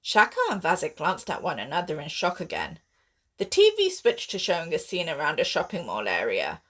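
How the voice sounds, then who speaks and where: A woman author reading her own sci-fi horror novel aloud in steady, expressive audiobook narration. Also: sits low, a little fast.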